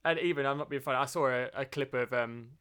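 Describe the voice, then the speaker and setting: Relaxed young podcast co-host. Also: male voice, mid-range voice, clean tone. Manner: relaxed, measured, hesitant restarts. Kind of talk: casual football podcast chat.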